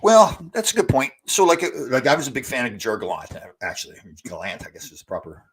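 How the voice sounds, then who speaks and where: A man's voice: medium pitch, huge pitch swings, fast, slightly rough. A man in his sixties hosting a casual live stream, reading viewer comments aloud and answering them with rambling stories. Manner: chatty, storytelling, reads out viewer comments. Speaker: host.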